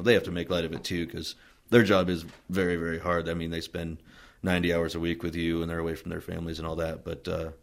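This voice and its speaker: A man from Wyoming recounts his military past in a loose, meandering interview. His voice sits very low and carries a gravelly fry. His pitch barely moves as he talks. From Wyoming, USA. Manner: relaxed, rambling, many fillers and restarts. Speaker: interviewee, Marine veteran. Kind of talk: casual oral-history storytelling.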